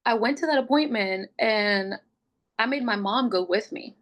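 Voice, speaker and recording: A young adult woman, a podcast guest, telling her pregnancy story in a casual, chatty way, full of "like" and quick laughs, open and emotional. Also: fairly high pitch, fairly bright tone. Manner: chatty, fills speech with "like", laughs often.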